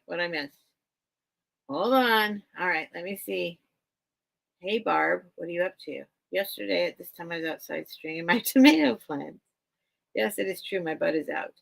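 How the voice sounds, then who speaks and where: A woman with a lowish, gravelly voice runs a live stream selling vintage items, chatting casually with her viewers and her cat. She gets sidetracked easily, and the recording quality is low.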